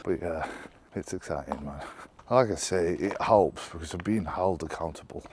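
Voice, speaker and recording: Young male vlogger, deep, casual and chatty, loose delivery. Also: normal speed, noisy background. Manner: chatty, rambling, swears casually. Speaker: fitness vlogger. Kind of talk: casual vlog monologue.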